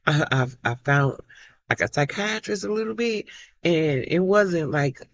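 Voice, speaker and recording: A woman's voice: low voice, animated, a little slow, dull audio, a little hiss or hum. A middle-aged woman vlogger telling a personal story to camera in an emphatic way, repeating herself and acting out what others said. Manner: emphatic, repeats herself, acts out quoted voices.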